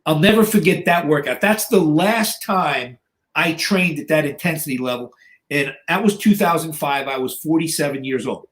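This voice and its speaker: A slightly high, somewhat bright male voice at an ordinary pace belongs to a podcast guest in his sixties. He spins casual stories bluntly, swears freely, fills gaps with "you know," and performs other people's dialogue.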